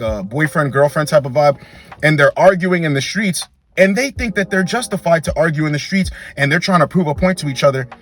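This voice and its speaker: A man's voice: fairly high pitch, a bit bright. Emphatic slangy man giving dating advice. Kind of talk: monologue.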